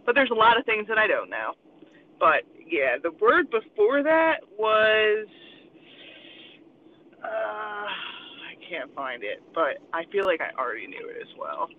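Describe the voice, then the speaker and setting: A man's voice: high voice, sing-song, measured pace. A man rambling in casual crude chat with friends, swearing and laughing a lot. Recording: tinny phone-like sound, faint noise.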